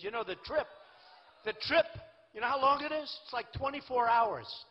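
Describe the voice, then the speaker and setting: A man's voice: very high-pitched, lively intonation, normal speed, husky. A man in his sixties giving a rambling, boastful campaign rally speech in a large venue. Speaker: political candidate. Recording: lo-fi echoey hall recording.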